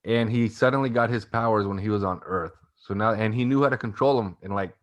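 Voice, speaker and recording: A man in casual podcast conversation with a lowish voice. He is easygoing and talks his points through at length. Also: a little fast. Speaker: podcast guest. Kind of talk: casual chat.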